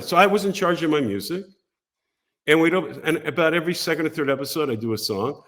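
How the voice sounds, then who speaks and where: An older man, a podcast guest, telling animated stories from his career and briefly acting out other people's voices. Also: on the high side, fast. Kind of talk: casual storytelling interview.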